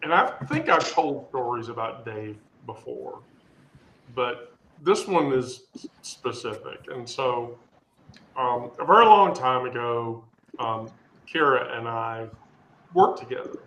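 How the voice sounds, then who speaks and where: A man telling a rambling, animated story in casual chat, full of restarts and fillers. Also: medium pitch, takes it slowly, slight background noise. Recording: echoey room.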